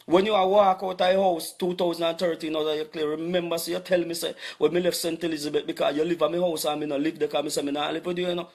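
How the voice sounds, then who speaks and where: A middle-aged man with a thick Jamaican Patois accent delivers an impassioned rant straight to his audience. His voice sits fairly high for a man, and he keeps circling back to the same phrases with heavy insistence. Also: little pitch movement, fast, hardly any pauses, a little mellow. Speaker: vlogger. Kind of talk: impassioned rant addressed to viewers.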